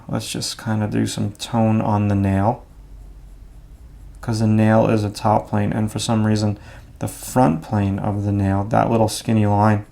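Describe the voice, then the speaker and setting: A man explaining his drawing steps out loud as he works, in a relaxed, thinking-aloud way. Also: on the low side, gravelly. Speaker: art instructor. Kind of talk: drawing demonstration.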